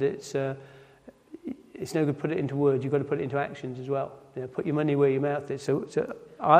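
A man's voice: fairly high pitch, darkish tone. A man giving an earnest sermon, repeating key phrases and often checking in with "right?". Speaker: lay preacher. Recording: long reverb of a church hall.

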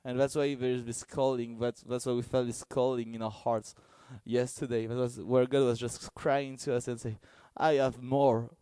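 Male preacher, earnest and halting, dry close sound. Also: mid-range voice, smooth, dry recording. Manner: halting, searching for words, earnest; gets excited and loud in bursts. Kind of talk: sermon.

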